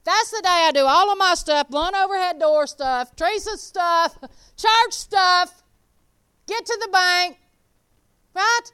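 A woman preacher gives an informal sermon in a high voice, speaking slowly. Her style is folksy and animated, and she calls out congregation members by name.

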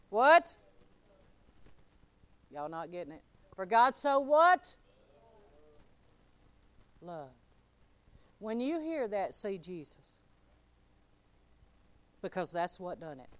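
A woman preaching an informal sermon and giving her testimony. She talks straight to the crowd and swings between soft, quiet asides and loud, emphatic lines. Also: mid-range voice, clear, resonant tone, dry recording. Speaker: speaker giving a testimony and teaching.

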